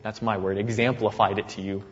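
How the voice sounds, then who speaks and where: A man preaching a sermon, casual and conversational, acting out scripture quotes with sudden loud bursts and easy laughs. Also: lowish voice, fairly quick, big-room sound, lo-fi sound. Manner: animated, acts out the apostle's words with sudden loud jumps. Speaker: pastor.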